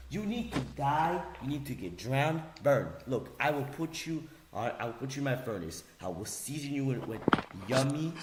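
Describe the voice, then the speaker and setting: A young man ranting angrily on video, mocking and insulting, swinging between low mutters and loud yells. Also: background noise. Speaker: video ranter. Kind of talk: angry rant video. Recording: echoey room.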